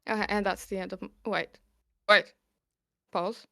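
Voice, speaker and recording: A woman playing a tabletop game who gets excited, swears and laughs often. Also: medium pitch, a little slow, vocal fry, no room sound, studio quality. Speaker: player. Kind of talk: casual tabletop play.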